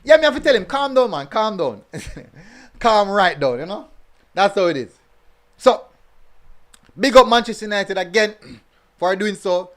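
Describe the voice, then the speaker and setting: A man's voice: high voice, animated, a little slow, pauses often. A man hosting a casual football review stream, reading chat comments and talking in a chatty way, full of fillers and repeated phrases.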